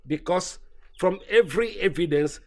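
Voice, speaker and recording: A man's voice: sits high, moderate pace, gravelly. A Nigerian actor playing a stingy, suspicious father who scolds his child. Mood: threatening. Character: stingy suspicious middle-aged father, government contractor. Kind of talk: film acting.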